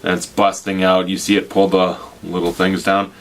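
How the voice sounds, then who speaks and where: Man, very low voice, casual movie review, enthusiastic, gushing, rambling. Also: completely flat delivery, normal speed. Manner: loose, rambling, with restarts. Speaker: film reviewer.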